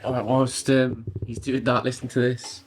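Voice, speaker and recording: A man's voice: mid-range voice, level tone, normal speed. A man co-hosting a podcast in casual banter, jokey and laughing at himself, holding a heavy handheld mic. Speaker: podcast co-host. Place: temporary home podcast setup.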